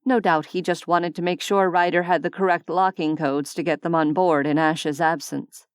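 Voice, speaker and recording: Smooth, low-voiced woman narrating an audiobook. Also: fairly even intonation, moderate pace, dry recording, clean studio sound.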